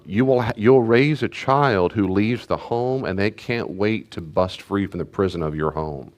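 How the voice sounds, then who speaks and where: Speaking unhurriedly in a fairly low, slightly mellow voice, a middle-aged pastor gives a teaching talk to parents at church. His style is conversational, with key phrases repeated and parent and child voices acted out.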